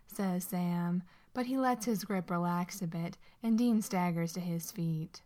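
A woman narrating a story aloud in an expressive, steady way. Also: fairly low pitch, measured pace.

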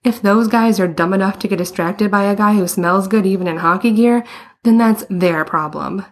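A woman's voice: medium pitch, normal speed, lightly acted. A woman reading the part of a cocky, teasing teenage boy hockey player in a storybook. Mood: gleeful. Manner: gleeful, teasing.

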